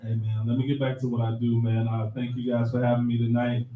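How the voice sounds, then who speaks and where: A man's voice: medium pitch, completely flat delivery, brisk, phone-quality sound, heavy background noise. A man doing a loose, profane live stand-up set and laughing at his own jokes. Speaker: stand-up comedian. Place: comedy club stage. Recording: roomy club sound from far off.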